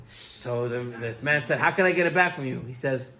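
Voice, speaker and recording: Animated storytelling rabbi, man. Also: medium pitch, fairly quick, a little hiss or hum. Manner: animated storyteller acting out characters. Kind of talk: storytelling Torah talk.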